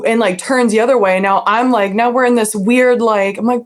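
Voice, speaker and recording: A young woman from New England, a podcast guest, telling a story in a chatty, animated way with lots of "like". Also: a little high, a little fast. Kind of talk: casual storytelling.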